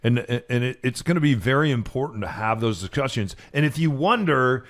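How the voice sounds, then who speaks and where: A man's voice: medium pitch, lively intonation, a little fast, a bit bright. A man co-hosting a casual talk show from a studio, talking in a rambling way with frequent restarts. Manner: rambling, stops and restarts often. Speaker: co-host. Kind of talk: casual talk radio chat.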